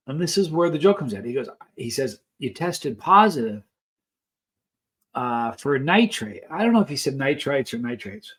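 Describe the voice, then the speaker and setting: A man's voice: mid-range voice, sing-song, moderate pace, fairly bright tone. A man vlogging, telling a long personal story in a chatty, anecdotal way while he tries snacks. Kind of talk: casual storytelling while taste-testing snacks.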